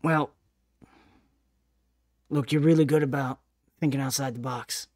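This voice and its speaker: Brief: tabletop player, hesitant coaxing tone, dry close sound. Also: male voice, medium pitch, fairly even intonation, unhurried, a little mellow, dry recording. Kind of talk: in-character tabletop play.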